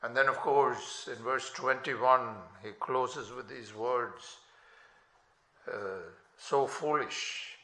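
A man preaching a sermon in a slow, deliberate way, lifting his voice sharply on scripture quotations. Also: medium pitch, sharp tone. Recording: echoey room.

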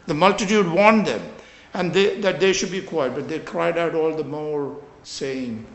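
A man's voice: sits high, normal speed. Earnest preacher man in an echoey room. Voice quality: preaching with wide swings between loud emphasis and quiet drops. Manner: earnest, urgent exhortation with scripture quotations. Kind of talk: sermon.

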